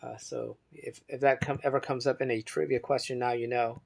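A man's voice: medium pitch, level tone, brisk, creaky. A man giving a rambling solo monologue, reading aloud from an article with many fillers and restarts and stopping to spell words letter by letter. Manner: drifts between soft muttering and louder emphasis.

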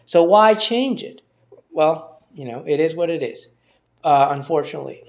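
Halting, earnest man teaching scripture. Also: fairly high pitch, lively intonation, darkish tone. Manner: halting, with many repeated words and restarts. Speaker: preacher. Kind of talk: sermon-style Bible teaching.

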